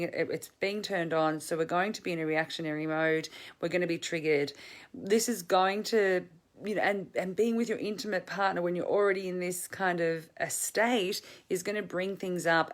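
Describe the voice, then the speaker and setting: Woman, relationship coach, lowish voice, earnest, conversational, lots of restarts and fillers. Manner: conversational, thinking aloud with many restarts and fillers. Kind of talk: direct-to-camera advice talk.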